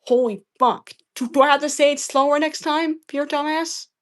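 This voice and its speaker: A woman's voice: high-pitched, steady tone, moderate pace. A woman live-streaming a debate, answering chat questions in an exasperated, profane way and repeating herself.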